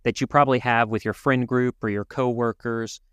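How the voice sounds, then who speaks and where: Male podcast co-host, even mid pitch, earnest and measured, dry close sound. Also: clear, resonant tone, no echo. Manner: earnest, measured, some restarts. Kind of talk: casual podcast chat.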